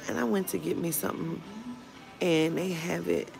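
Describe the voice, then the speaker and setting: A woman with a low, gravelly voice rants bluntly to camera, swearing freely as she retells a run-in. Music plays clearly beneath her. The tone is casual and petty. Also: normal speed. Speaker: vlogger. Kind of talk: casual storytime rant. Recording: music playing under the voice.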